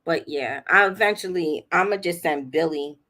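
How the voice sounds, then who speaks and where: Lady on a livestream chatting and telling stories, laughing, voicing the quotes, kinda low pitch. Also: normal speed, sharp tone. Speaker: livestream host. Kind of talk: casual storytelling chat.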